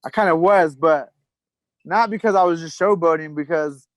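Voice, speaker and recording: This podcast guest is a retired pro fighter in his thirties with a fairly high-pitched voice and a moderate pace. He rambles loosely through his stories in casual chat, full of fillers and restarts, on a dry, rough recording.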